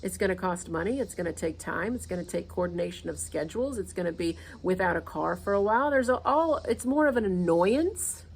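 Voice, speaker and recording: A woman's voice: lowish voice, animated, fairly quick, hardly any pauses, a little hiss or hum. Earnest woman giving a motivational talk. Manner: earnest, repeats points for emphasis. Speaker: podcast host.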